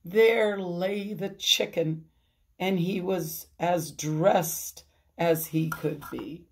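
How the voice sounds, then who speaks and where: A woman pastor reading a picture book aloud for children's storytime, adding animated asides. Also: lowish voice, extremely slow, gravelly, a little hiss or hum. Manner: animated, chuckling asides to young listeners.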